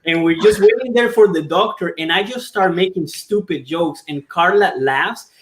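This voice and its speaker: Guy with a high voice telling a funny story, lots of laughing, echoey room. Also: moderate pace, a little hiss or hum. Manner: animated storyteller, often breaks into laughter. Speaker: father telling his daughter's birth story. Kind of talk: casual chat.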